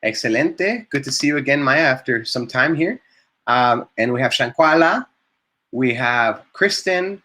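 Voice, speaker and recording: A man with a bright, forward-sounding, medium-pitched voice teaches a live online Spanish class. He models vocabulary and explains pronunciation, encouraging his students throughout, repeating words and praising them as he goes.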